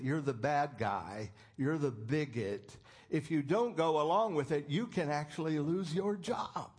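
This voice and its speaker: A man preaching a sermon in an earnest, emphatic way, quoting scripture as he goes. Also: medium pitch.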